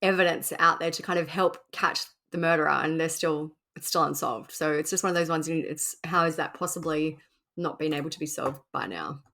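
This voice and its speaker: A woman co-hosting a podcast in a friendly, giggly way, often thinking aloud. Her voice sits slightly low for a woman. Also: fairly even intonation, fairly quick, a bit bright. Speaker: podcast co-host. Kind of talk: casual chat.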